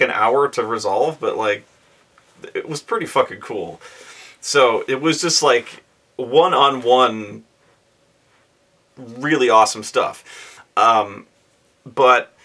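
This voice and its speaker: A man in his thirties tells a tabletop game story as a casual, profanity-laced monologue. His voice is bright and a little tense, with a middle pitch. He jumps into raised, excited voices whenever he acts out his players. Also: takes it slowly, pauses often, slightly rough.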